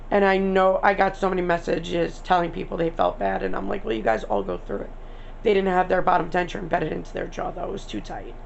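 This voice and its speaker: A woman's voice: lowish voice, gravelly, highs cut off, a little hiss or hum. A young woman from New York, a denture vlogger, talking to camera in a blunt, chatty, rambling way with asides and mild swearing. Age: young adult. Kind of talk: casual chat to camera.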